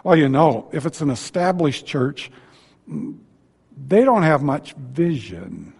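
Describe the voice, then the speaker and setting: A man preaching a sermon as a visiting pastor in a church, folksy and warm-humored, with joking asides between his points. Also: on the high side, big pitch swings, slow, vocal fry, breathy edge. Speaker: guest preacher. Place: church sanctuary. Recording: long hall reverb.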